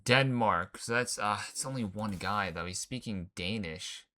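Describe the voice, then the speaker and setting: Slow, low-voiced man thinking aloud. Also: sharp tone. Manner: thinking aloud, puzzling things out; laid-back slangy talk. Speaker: gaming channel host. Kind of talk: casual gameplay commentary. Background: game music.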